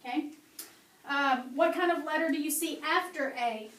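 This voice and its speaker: High-voiced woman teaching a class. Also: moderate pace, a bit bright. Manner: patient, quizzing with questions and modeling sounds. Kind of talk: classroom phonics and handwriting lesson. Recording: echoey room, mic far off, faint hum.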